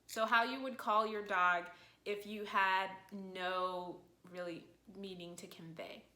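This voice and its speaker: Slow, bright-voiced woman teaching. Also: mid-range voice, steady tone. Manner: patient, encouraging, demonstrates tones clearly. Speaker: language teacher. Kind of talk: friendly online language lesson. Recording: echoey room.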